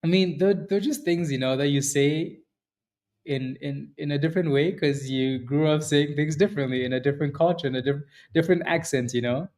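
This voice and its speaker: Brisk and a little high, with a darkish tone, this man hosts a stock trading livestream. His commentary rambles with many restarts as he casually answers viewers by name.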